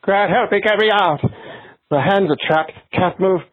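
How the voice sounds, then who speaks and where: A man's voice: high-pitched, normal speed, slightly rough, voice pushed up. A man doing an impression of a trapped man pleading frantically to be freed, heard over a tinny voicemail phone line. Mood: panicked. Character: panicked trapped man about to be eaten.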